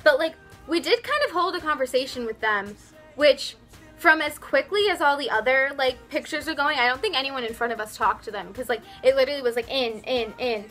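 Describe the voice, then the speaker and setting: A young woman vlogger telling an excited, rambling story, full of "like" and restarts, her voice a little worn after a concert. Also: high voice, a little fast, faint music behind. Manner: rambly, flustered, lots of "like".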